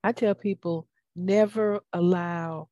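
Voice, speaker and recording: A woman's voice: on the low side, steady tone, takes it slowly, warm tone, dry recording, muffled recording. A middle-aged woman with a Southern US accent hosting a radio talk show, folksy and encouraging, drawing some words out. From Atlanta, US. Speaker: host.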